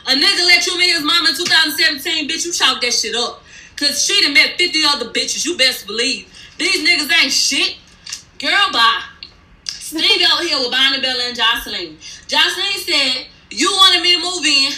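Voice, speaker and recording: A woman's voice: high voice, lively intonation, normal speed, sharp tone, roomy sound, low-quality recording. A woman giving a blunt, profane, sassy recap of a reality TV episode in casual speech.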